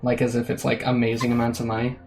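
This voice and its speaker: A man's voice: medium pitch, completely flat delivery, fast talker, over music, rough recording. Casual man narrating a tabletop game. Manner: loose, filler-heavy storytelling. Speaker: game master.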